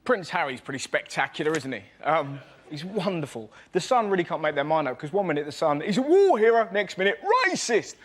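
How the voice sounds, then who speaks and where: A man doing a cheeky stand-up routine as a comedy panelist, telling stories in a quick, mocking way. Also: fairly high pitch, very animated.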